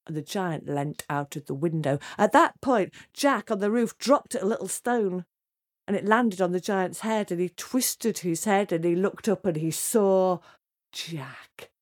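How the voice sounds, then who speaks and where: A woman storyteller telling a fairy tale to children, lively and dramatic, dropping to hushed tones for suspense. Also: medium pitch, normal speed.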